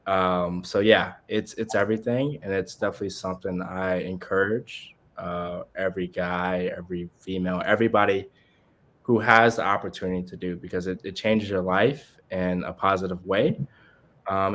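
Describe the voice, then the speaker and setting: Brief: deep-voiced male guest, sincere and thoughtful in tone. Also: steady tone, moderate pace, fairly bright tone. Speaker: guest, traveler. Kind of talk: casual interview answer.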